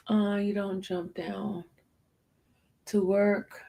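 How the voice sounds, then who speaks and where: A woman hosts her livestream in a relaxed, chatty way, mock-scolding her viewers. Her mid-pitched voice has a gravelly edge. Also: slow pace, long pauses. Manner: playful teasing, talks straight to her chat. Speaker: livestream host. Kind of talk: casual livestream chat.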